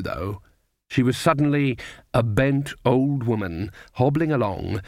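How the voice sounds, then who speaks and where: A man reading a comic fantasy audiobook as narrator, in a measured, wry delivery. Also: mid-range voice, dry recording, clean studio sound. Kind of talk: scripted narration.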